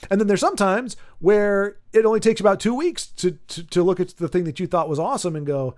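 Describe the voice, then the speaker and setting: Guy on a stream just rambling, kinda high voice, restarts a lot, goofy mock-serious bits. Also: animated, quick pace, a little mellow. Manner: rambling, self-correcting, mock-pompous banter. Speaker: livestream host. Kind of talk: casual chat with chat readers.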